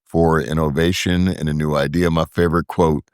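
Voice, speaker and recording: A man talking as a brewery co-founder guest in a casual podcast chat, earnest and reflective, building his points in halting phrases. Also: rumbling low, little pitch movement, clear, resonant tone, dry recording, studio quality.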